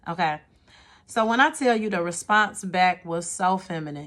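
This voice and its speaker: A woman's voice: on the low side, expressive, moderate pace, fairly bright tone. A woman telling a personal story to her viewers in a casual, exasperated way. She often repeats words and checks in with "okay?".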